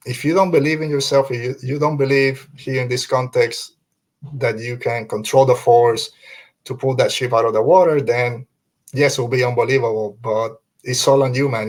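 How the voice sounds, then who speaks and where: A man hosting a fan podcast, talking earnestly and emphatically, quoting film lines and repeating himself to drive a point home. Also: mid-range voice. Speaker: podcast host.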